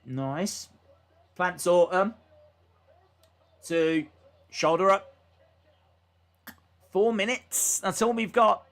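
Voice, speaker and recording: A man's voice: high-pitched, expressive, drawn-out words, pauses often, a bit bright. A young man livestreaming a watch-along, calling wrestling moves and reading viewer chat in a casual way, full of "uh" fillers. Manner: casual, frequent "uh" fillers, reads chat aloud. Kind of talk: live play-by-play wrestling commentary.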